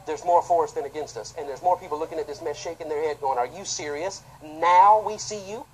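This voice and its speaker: A man, a pastor, preaching an impassioned sermon that swings between loud outbursts and quiet, low asides. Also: quick pace, low-quality recording. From United States.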